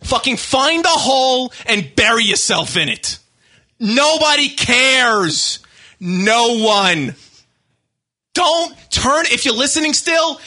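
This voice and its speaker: A radio show host, a man, delivering a furious, profane, shouting rant on live comedy talk radio. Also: extremely high pitch. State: enraged.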